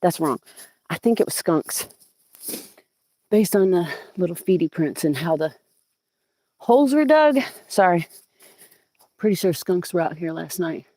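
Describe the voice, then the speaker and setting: A woman's voice: fairly low pitch, darkish tone, dry recording. A woman talking casually into her phone outdoors as she tends her chickens, a little out of breath and chatty. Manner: chatty, sweet-talks her animals, laughs often. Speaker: backyard chicken keeper. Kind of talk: casual vlog chat. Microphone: phone set down or carried.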